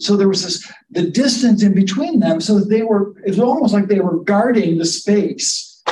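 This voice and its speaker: A man's voice: high voice, warm tone, far from the mic, a little hiss or hum. A man preaching a sermon in a conversational way, asking listeners to picture the scene. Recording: roomy sound from off mic with faint ambience.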